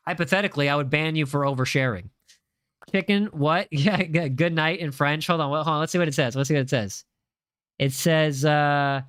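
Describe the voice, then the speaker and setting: A young male streamer speaks at a normal pace in a fairly high, slightly bright, smooth voice, his accent a blend of Spanish and American. He builds in a game while casually chatting, reading viewers' messages aloud and teasing them with jokes. The studio-quality audio has no room sound.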